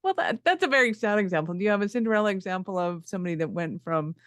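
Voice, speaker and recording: A man's voice: sits high, animated, rapid-fire, a bit bright, smooth, no room sound, clean studio sound. A man hosting a business podcast, asking questions in an upbeat, casual way. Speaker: podcast host. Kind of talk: casual interview.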